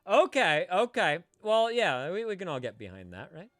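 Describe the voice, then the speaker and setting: A man co-hosting a casual live stream, animated and swearing freely, breaking into loud shouted bits. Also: high-pitched, normal speed, dry recording. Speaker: streamer co-host.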